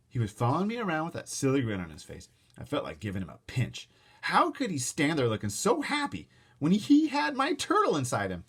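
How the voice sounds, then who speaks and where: A man reading a children's chapter book aloud in an animated way, adding his own asides. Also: on the low side, husky. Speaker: storybook reader.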